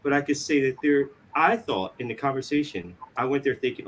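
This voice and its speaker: Halting, mid-pitched man in conversation. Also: slight background noise. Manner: halting, restarts and repeats words. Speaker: panelist on Cherokee language. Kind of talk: casual panel conversation.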